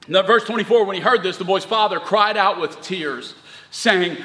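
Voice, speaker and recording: High, bright-voiced pastor in his thirties. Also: moderate pace, in a large hall. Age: 30s. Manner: animated storytelling, conversational with emphatic surges. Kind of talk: sermon.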